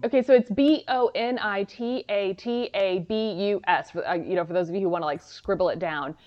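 A woman co-hosting a podcast in casual chat, talking in halting restarts and laughing often. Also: mid-range voice, muffled recording. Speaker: podcast co-host.

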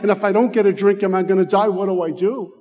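Man, middle-aged, American, heartfelt testimony, high voice, long hall reverb. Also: fairly even intonation, muffled recording. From United States. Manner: heartfelt, slows down for emphasis. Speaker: recovery speaker. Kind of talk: personal testimony talk.

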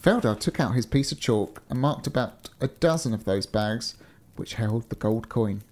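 A man's voice: medium pitch, lively intonation, moderate pace, a little mellow. A man reading a story aloud in an easygoing manner, chatting between passages. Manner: easygoing, laughs often. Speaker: storyteller and co-host.

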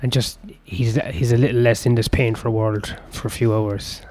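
A man's voice: medium pitch, steady tone, normal speed, a little mellow, faint music behind. Rambling profane male storyteller. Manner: rambling, profane, self-interrupting asides. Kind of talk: improvised story narration.

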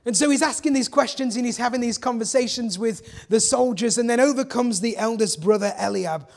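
Pastor, high-pitched, energetic, preaches with rhetorical questions. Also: male voice, fairly quick, vocal fry, hardly any pauses. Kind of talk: sermon.

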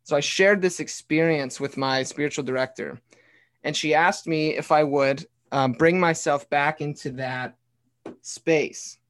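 A man's voice: fairly high pitch, a little slow, a bit bright. A man, a former pastor turned bartender, earnestly telling a personal story in a casual podcast conversation, swearing now and then and saying "dude" and "like". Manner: earnest storytelling, reading aloud his own journal.

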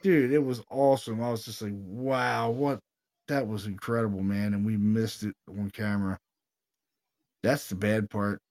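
A man hosting a paranormal podcast, telling stories in a casual, animated way, swearing freely and saying "dude" a lot. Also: fairly low pitch, moderate pace. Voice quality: animated storyteller, swears freely, says "dude" and "you know what I mean" a lot. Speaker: podcast host, paranormal investigator. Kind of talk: casual chat.

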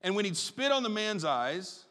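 Bright-voiced preacher in a hall. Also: male voice, sits high, very animated. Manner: folksy, conversational preaching with quick asides. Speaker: pastor. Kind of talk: sermon. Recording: long reverb in a large hall.

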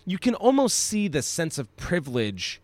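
A man with a fairly high voice talks films on a podcast, his pitch leaping up and down as he gets excited. He stammers and restarts often and lets a swear slip. The sound is dry and close. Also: normal speed, dry recording. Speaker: podcast co-host. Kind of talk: casual film discussion.

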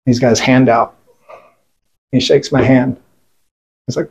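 Gravelly and unhurried, with long pauses and fairly even intonation at medium pitch, this veteran guest recounts events casually and profanely. He rambles, restarts, uses fillers and retells things by quoting other people.

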